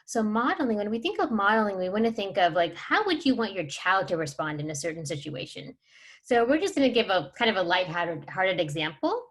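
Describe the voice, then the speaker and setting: A woman's voice: mid-range voice, very animated, a little fast. A woman presenting a parenting workshop in a chatty way, full of fillers and small laughs, acting out everyday scenes.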